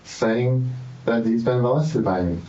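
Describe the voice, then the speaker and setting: A man's voice: medium pitch, unhurried, dark tone, echoey room, lo-fi sound. A man being questioned by police, rambling and repeating himself defensively. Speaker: suspect in police interrogation. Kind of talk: interrogation interview. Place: interrogation room.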